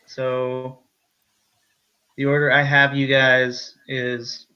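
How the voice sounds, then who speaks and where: Unhurried bright-voiced man game master. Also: mid-range voice, completely flat delivery, smooth, dull audio. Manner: unhurried, hesitant with fillers. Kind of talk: running a tabletop game.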